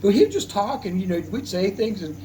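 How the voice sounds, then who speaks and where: A man's voice: high voice, sing-song, fast, background noise. A man, a military veteran, telling a personal story in a casual, heartfelt, rambling way, with many restarts.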